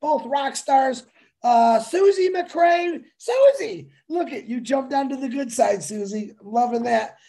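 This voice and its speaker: Excitable high-pitched male co-host, jokey hype man for a livestream. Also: slow pace, creaky. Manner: excitable, joking, shouts shout-outs to viewers. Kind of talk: energetic livestream banter.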